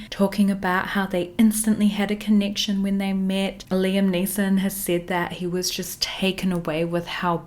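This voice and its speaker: A woman in her twenties hosting a casual pop culture podcast, gushing and excitable as she chats about celebrity news. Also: mid-range voice. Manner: gushing, excitable fan talk. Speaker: podcast host.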